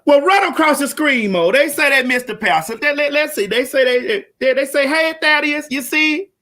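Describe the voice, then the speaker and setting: A woman hosting a live virtual show, loud and brash, cussing freely and hyping her audience. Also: high voice, animated, moderate pace. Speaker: show host. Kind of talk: profane live-stream chat. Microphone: video call.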